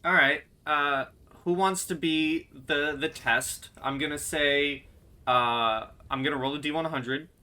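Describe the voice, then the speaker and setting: A man's voice: a little high, unhurried, pushed and bright, slight background noise. A man running a tabletop role-playing game as game master, talking with hesitant fillers and restarts. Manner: hesitant, many ums and restarts.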